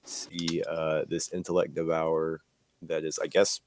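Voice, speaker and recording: A man's voice: very deep voice, monotone, unhurried, a little mellow, slight background noise. A man playing a tabletop game, thinking aloud as he explains his moves. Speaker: player.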